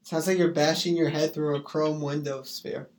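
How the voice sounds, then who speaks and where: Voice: mid-range voice, level tone, moderate pace. A streamer rambling in a casual chat, goofy, breaking into sing-song rhymes and silly put-on voices.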